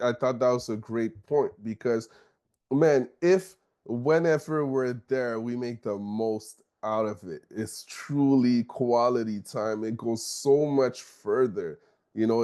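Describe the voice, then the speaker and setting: A middle-aged man talks through his points in a loose, conversational podcast style, with a voice of ordinary pitch. He often pauses on "okay?" and "you know" and lets a chuckle slip in now and then. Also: a little mellow. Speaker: podcast host. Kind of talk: casual discussion.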